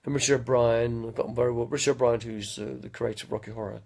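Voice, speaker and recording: Gravelly husky guy in his 50s rambling on a live stream, slow and halting, bit of a stutter. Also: medium pitch, little pitch movement, darkish tone. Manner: slow, halting, loses his train of thought. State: mild stutter after head injury. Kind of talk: rambling casual storytelling.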